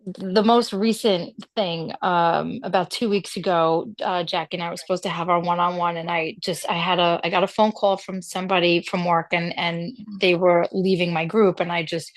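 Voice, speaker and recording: A woman's voice: on the low side, fairly even intonation, moderate pace, hardly any pauses, no echo. A woman who runs a homeschool center, candidly telling a rambling personal story on a group video call. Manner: candid, rambling, with self-deprecating laughs.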